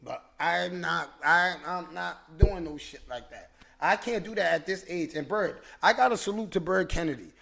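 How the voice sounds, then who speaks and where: A man hosting a podcast, telling a story in a casual, animated, profane way, with frequent restarts and repeated words. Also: high-pitched, normal speed, vocal fry, hardly any pauses. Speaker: podcast host.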